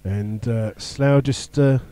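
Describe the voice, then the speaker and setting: Quick, dark-toned football commentator man. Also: mid-range voice, dry recording. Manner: rapid play-by-play with fillers and chuckles. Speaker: match commentator. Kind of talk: live football radio commentary. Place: stadium commentary position.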